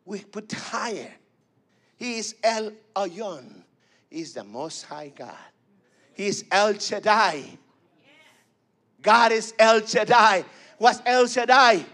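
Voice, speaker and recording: A man's voice: high voice, slow, pauses often, a bit bright. A man preaching a fervent sermon, repeating phrases and calling for responses.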